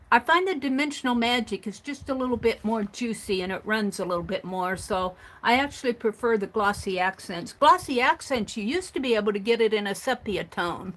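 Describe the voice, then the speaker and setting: A woman with a fairly high voice hosts a craft livestream. She rambles casually and talks to herself as she works. She laughs easily and often restarts her sentences. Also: a bit bright. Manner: chatty, talks to herself and reads viewer comments aloud.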